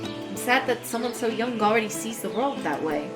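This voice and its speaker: A woman's voice: a little high, animated, normal speed, loud music behind the voice, close to an everyday voice. Woman reading a thoughtful young heroine. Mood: reflective. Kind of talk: voiced game reading.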